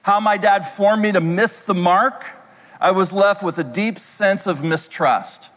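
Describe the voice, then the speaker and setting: A pastor delivering a sermon in a conversational way, throwing rhetorical questions at the congregation. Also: male voice, high voice, unhurried, fairly bright tone. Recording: echoey hall reverb.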